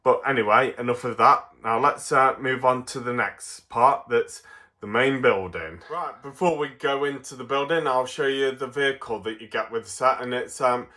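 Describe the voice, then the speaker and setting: A man's voice: medium pitch, moderate pace, pushed and bright. A man from England chatting through a toy review in a rambling, casual way, with lots of fillers and chuckles. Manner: rambling, full of fillers and restarts, chuckles often.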